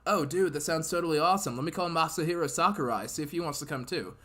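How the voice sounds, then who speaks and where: A man doing a voice of a laid-back adult male surfer dude who talks in a cheerful, excited way. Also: fairly high pitch, fast, voice pushed up.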